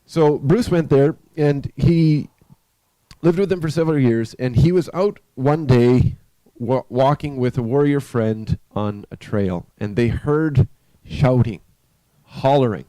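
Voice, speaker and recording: A man with a mellow, dark voice recounts a story at an unhurried, conversational pace. His sound is dry and close, with no room echo. He now and then turns to his listeners with a question. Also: mid-range voice. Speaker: live stream host. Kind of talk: spoken storytelling with a spiritual message.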